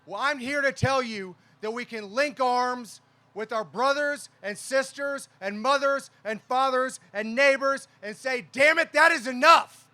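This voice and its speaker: A man with a very high, brilliantly bright voice drives an outdoor rally speech. He is a union leader who hammers a repeated refrain with building passion, and his tone stays sharp and ringing throughout. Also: unhurried. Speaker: union local president, rally speaker.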